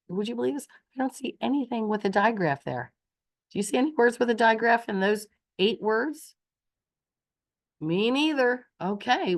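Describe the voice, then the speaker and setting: A young adult woman runs a morning lesson for small children. Her voice climbs and dips in an exaggerated, playful way, like a teacher keeping little ones hooked. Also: medium pitch. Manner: lively, sing-song, exaggerated teacher delivery.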